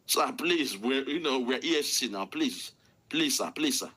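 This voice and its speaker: A man's voice: medium pitch, animated, unhurried, bright, forceful tone, breathy edge, full character voice. A man with a Nigerian accent voicing pleading male officers who beg at a gate, wheedling over and over. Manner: wheedling, repetitive pleading in pidgin.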